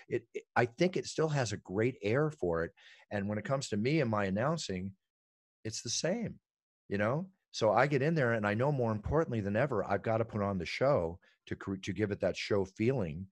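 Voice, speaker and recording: A middle-aged man telling stories in an animated, emphatic way as an interview guest. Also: on the low side, no room sound. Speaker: ring announcer and guest. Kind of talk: energetic interview talk.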